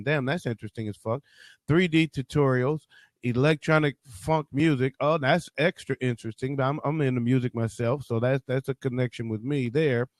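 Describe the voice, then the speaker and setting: Joking livestream host from Detroit, dry sound. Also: male voice, medium pitch, no echo. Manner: loose, joking, swears freely, greets viewers by name. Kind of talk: casual livestream chat.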